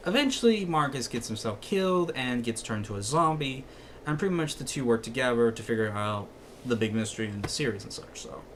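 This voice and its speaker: A man's voice: medium pitch, animated, a little fast, fairly bright tone, a little hiss or hum. Rambling young male movie reviewer. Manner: rambling, heavy on fillers like "and such". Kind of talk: casual spoken review.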